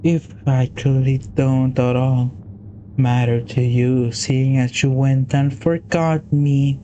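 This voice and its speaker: A man's voice: mid-range voice, little pitch movement, mellow, lo-fi sound, slight background noise, close to an everyday voice. A man voicing a creepy unseen presence that claims to be a best friend, drawing out every word in a coaxing way. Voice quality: slow, drawn-out, coaxing.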